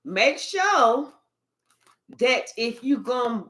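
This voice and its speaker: Woman tarot reader, sassy drawl, slow, fairly high voice. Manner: animated, drawling, sassy, talks to spirit and viewers. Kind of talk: live tarot reading, casual chat.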